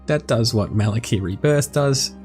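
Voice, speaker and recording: A young man hosting a casual card game deck review, joking and swearing freely as he talks. His pitch jumps around in a lively, animated way, and faint background music sits behind his voice. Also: moderate pace. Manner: irreverent and profane, jokey asides. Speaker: host.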